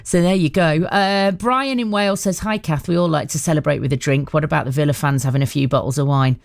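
A woman's voice: deep voice, quick pace, vocal fry, dry recording, clean studio sound. A woman presenting a radio show in casual chat, reading out listener messages and laughing easily.

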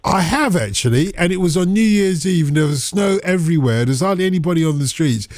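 A man hosting a radio phone-in, chatty and quick to chime in with questions and encouragement. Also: fairly high pitch, expressive, a little mellow, dry recording. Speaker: radio host.

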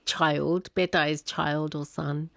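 Woman, interview guest, lowish creaky voice, dry sound, chatty storyteller quoting dialogue. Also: takes it slowly, dry recording. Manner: chatty, animated retelling with quoted dialogue. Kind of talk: personal storytelling.

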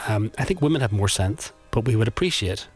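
A man's voice: lowish voice, animated, brisk, slightly rough, soft background music. A man hosting radio, joking and laughing easily in casual banter. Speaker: radio host.

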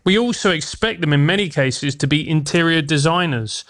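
Man, radio interview guest, articulate, emphatic, somewhat high voice. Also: moderate pace, fairly bright tone. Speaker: guest, former teacher turned comedian.

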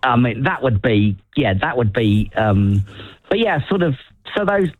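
A man's voice: mid-range voice, animated, unhurried, no room sound, phone-quality sound. A man calling in to a radio show, chatting casually and hesitantly, often searching for his words. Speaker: caller. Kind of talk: casual chat.

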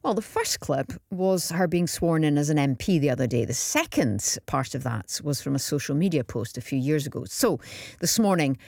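A woman's voice: sits low, lively intonation, moderate pace, gravelly, a little mellow, dry recording. Woman radio phone-in host, dry studio mic, encouraging chat. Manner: chatty and encouraging.

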